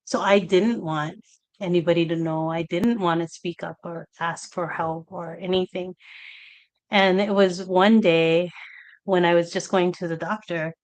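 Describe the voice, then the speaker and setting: Brief: unhurried woman guest, earnest and halting, personal testimony. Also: lowish voice, fairly even intonation. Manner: halting, earnest, reenacts past talk in quotes. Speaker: guest sharing her story. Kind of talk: personal testimony on a live talk show.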